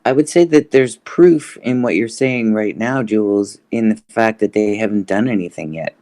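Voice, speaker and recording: A man's voice: on the low side, moderate pace, dark tone, no room sound. A man in a casual roundtable discussion, musing and hesitant as he thinks aloud. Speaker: roundtable guest.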